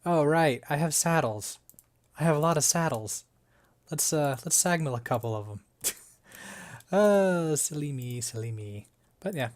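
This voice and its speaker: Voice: medium pitch, darkish tone. A let's-play host giving casual gameplay commentary, thinking aloud, talking to the game and its items, with playful self-mocking asides.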